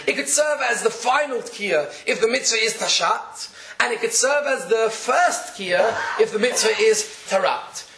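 A man with a high voice gives a religious law lecture and works through each step methodically, repeating it for his listeners. The room is echoey. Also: a bit bright. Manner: methodical, repeats steps to explain. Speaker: teacher.

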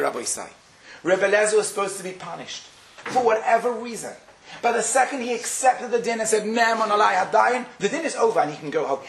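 A man giving a Torah lecture, telling stories with animated delivery and acting out the quotes. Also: echoey room, poor audio. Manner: animated, acts out quotes with sharp pitch jumps. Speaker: rabbi giving a Torah class.

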